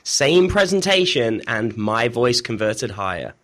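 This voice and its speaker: Lively, bright British man on a podcast. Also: medium pitch, unhurried. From Britain. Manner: dry joking, laughs often. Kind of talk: casual podcast chat.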